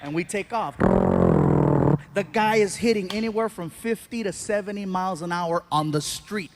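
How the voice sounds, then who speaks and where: A man performing stand-up comedy, telling a story in an animated way with bursts of shouting. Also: high voice, normal speed, a little hiss or hum.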